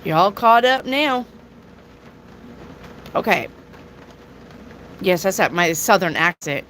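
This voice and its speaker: A woman's voice: medium pitch, animated, takes it slowly, pauses often, a bit bright. A woman giving a casual live tarot reading to viewers, chatty and jokey with crude asides. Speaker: tarot reader.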